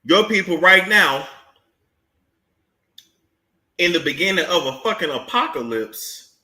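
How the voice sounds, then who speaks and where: A man's voice: high voice, animated, moderate pace, pushed and bright, echoey room. A man hosting celebrity gossip commentary, with a sassy, mocking, drawling way of talking. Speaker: commentary channel host.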